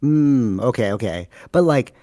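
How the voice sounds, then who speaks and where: A Canadian man hosting a podcast, telling a story in animated casual chat with lots of fillers. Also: mid-range voice, unhurried, no room sound, clean studio sound. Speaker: podcast host.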